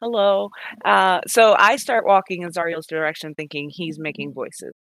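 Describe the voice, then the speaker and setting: A woman's voice: on the low side, fairly even intonation, normal speed, a bit bright, dry recording. A woman playing in a tabletop game, hesitant and giggly, often trailing off into laughs. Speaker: player. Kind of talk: tabletop role-play.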